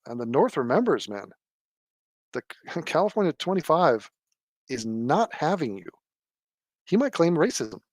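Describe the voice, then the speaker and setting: A man's voice: big pitch swings, a little slow, long pauses, no room sound. A man giving sarcastic, mocking live commentary from a desk at home. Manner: sarcastic, mocking, mimics people in a low mumble. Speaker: political commentator.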